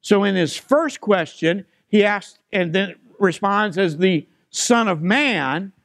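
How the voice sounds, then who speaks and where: A man's voice: high voice, expressive, takes it slowly, a bit bright, dry recording, clean studio sound. A man preaching a sermon as pastor, stressing key phrases by repeating them and putting questions to the congregation.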